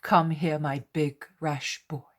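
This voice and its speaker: A gentle but firm spiritual teacher speaks with fatherly tenderness and quiet authority, as a woman reader puts him on. The voice sits low and unhurried. A husky breathiness colors every word. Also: level tone. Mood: tender.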